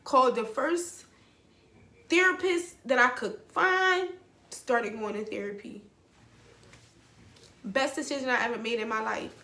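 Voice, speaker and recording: A woman's voice: fairly high pitch, a little slow, long pauses, bright, forceful tone, roomy sound. A young woman, telling a raw personal story to her viewers, blunt and emotional and swearing freely. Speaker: vlogger. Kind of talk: candid storytelling to camera.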